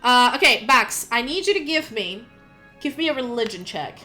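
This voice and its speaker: Bright-voiced woman running a tabletop game. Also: a little high, sing-song, moderate pace, soft background music. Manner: chatty, descriptive, with filler words. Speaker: game master.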